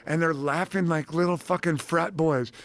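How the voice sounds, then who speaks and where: A man, a former actor turned director, telling a lively anecdote in casual podcast chat, swearing freely. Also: on the high side, moderate pace. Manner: animated, profane, acts out quoted voices.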